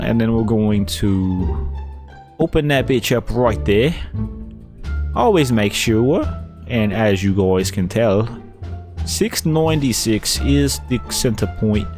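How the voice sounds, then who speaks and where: A man with a Kentucky Southern accent giving rambling, laid-back commentary while he plays a building game on stream. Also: on the low side. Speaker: let's-play streamer. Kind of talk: casual gameplay commentary.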